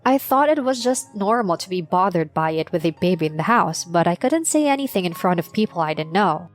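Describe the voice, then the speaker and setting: A young adult woman narrating her own story as a mother, in a plain, steady confessional tone. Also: on the low side, brisk. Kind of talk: first-person storytelling. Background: faint music.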